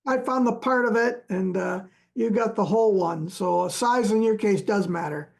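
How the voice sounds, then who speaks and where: Gravelly halting male archaeologist. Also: high voice. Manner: halting, many fillers and restarts, chuckles often. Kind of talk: relaxed storytelling chat.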